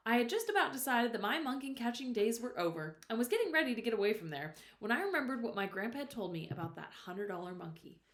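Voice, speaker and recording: A woman's voice: medium pitch, very animated, fast, hardly any pauses. A woman reading a novel aloud with expression, who stops now and then to explain words to her listeners. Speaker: storyteller. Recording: roomy echo.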